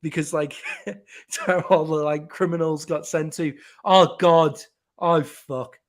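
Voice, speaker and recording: A man's voice: a little high, steady tone, slow. A man from England, a podcast co-host, explaining things in casual chat and swearing freely.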